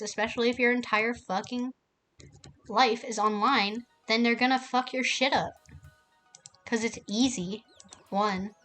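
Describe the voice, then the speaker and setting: A woman's voice: a little high, fairly bright tone. A woman streaming a game, ranting casually with heavy swearing. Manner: profane and heated.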